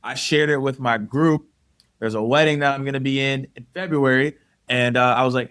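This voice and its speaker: Animated male podcast guest telling stories. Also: medium pitch, moderate pace, smooth. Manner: animated storyteller, acts out quotes. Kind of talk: casual conversation.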